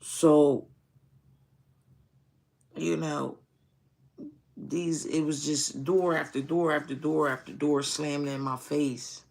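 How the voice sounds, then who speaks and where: Slow, gravelly-voiced man telling his story. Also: on the high side, flat delivery, a little mellow. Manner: candid, profane, reflective, repeats phrases. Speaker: streamer. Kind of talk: casual personal storytelling.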